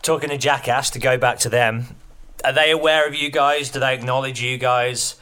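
A man hosting a casual interview, asking measured, articulate questions. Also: medium pitch, steady tone, bright, forceful tone, clear, resonant tone. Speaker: podcast host.

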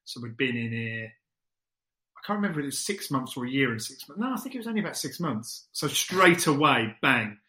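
A man's voice: mid-range voice, sing-song, fairly quick, sharp tone, reverberant. A man co-hosting a casual chat podcast, sardonic and joking as he rambles through tangents. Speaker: podcast co-host.

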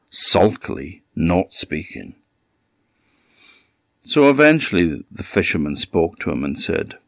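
A deep-voiced man with an Orkney Scottish accent tells a folk tale slowly, letting dramatic pauses hang. His pitch rises and falls expressively, and the sound is dry and close to the mic. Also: no echo. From Orkney, Scotland. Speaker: storyteller.

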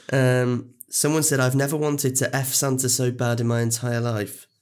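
A man's voice: medium pitch, darkish tone. A man co-hosting a casual film podcast, laughing often and trailing off mid-thought. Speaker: podcast co-host.

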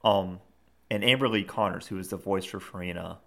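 A man's voice: sits low, fairly quick, creaky, bright, forceful tone. A man co-hosting a podcast, retelling scenes in a rambling, casual chat full of fillers. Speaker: podcast co-host.

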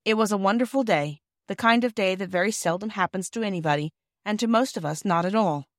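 A woman reading a classic children's novel aloud in a gentle storytelling manner. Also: mid-range voice, fairly quick, no room sound, studio quality. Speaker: audiobook reader. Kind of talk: scripted narration.

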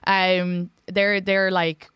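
A young Irish woman hosting a podcast, chatting in an animated way with lots of fillers. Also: fairly low pitch, extremely slow, clean tone, no room sound. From Ireland. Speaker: podcast host. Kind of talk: casual podcast chat.

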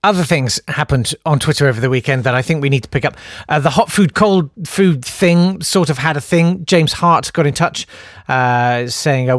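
A man's voice: a little high, moderate pace, dry recording, clean studio sound. A man hosting a podcast, chatting casually and wryly, rambling with lots of fillers as he reads out listener messages. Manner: rambling, wry, many fillers. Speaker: podcast host.

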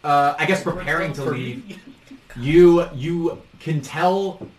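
A man's voice: on the high side, slow pace. A man running a tabletop game as game master, narrating in a loose, chatty way with frequent ums. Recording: roomy, distant mic, faint noise.

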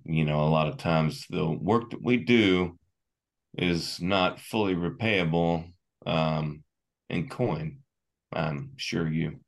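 Deep slow halting player. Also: male voice. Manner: hesitant, halting with many fillers. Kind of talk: in-character tabletop role-play.

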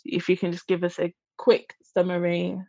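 A woman's voice: on the low side, monotone, normal speed, vocal fry, a little mellow, no room sound. A woman interviewing a guest in a chatty, casual way with many fillers. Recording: dull dry lo-fi sound.

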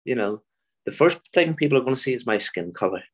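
A man with a Belfast accent, a guest author telling animated stories in an interview. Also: mid-range voice, fast, breathy edge. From Belfast, Northern Ireland. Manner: animated storyteller, mimics voices in anecdotes. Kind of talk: storytelling interview.

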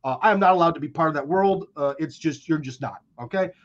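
Brief: American male guest, higher-than-average voice, rambling slang-heavy storyteller, muffled lo-fi capture. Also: quick pace. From United States. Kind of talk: casual conversational storytelling.

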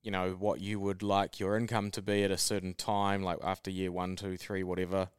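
A man's voice: low voice, level tone, a little fast, clean tone, no room sound, studio quality. A man co-hosting a casual podcast chat, explaining his points steadily with worked examples. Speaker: podcast co-host.

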